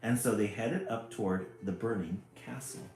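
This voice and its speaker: A man's voice: on the low side, normal speed, darkish tone. A man reading a children's picture book aloud, with chatty asides about the pictures. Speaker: storyteller. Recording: very echoey room, faint music.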